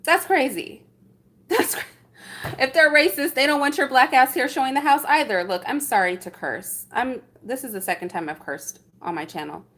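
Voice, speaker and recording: A middle-aged woman with a high voice talks straight to her viewers in a loose livestream chat. She tells the story with indignant energy and keeps throwing out rhetorical questions. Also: lively intonation, moderate pace, a bit bright. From San Francisco, USA. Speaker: vlogger reacting to chat.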